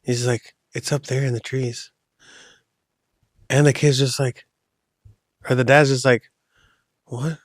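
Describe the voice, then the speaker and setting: A man spins a spooky tale in a loose, rambling way, like chatting with a friend. His voice sits at a middling pitch and sounds dry and close, with no room around it. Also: level tone, a little slow, pauses often, dry recording. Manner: loose, rambling retelling with slang. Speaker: podcast host telling a horror story. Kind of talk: casual storytelling.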